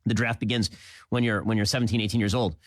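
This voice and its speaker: A man hosting a political commentary show, delivering a rapid, emphatic, indignant monologue with repeated phrases. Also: fairly low pitch, steady tone, dry recording.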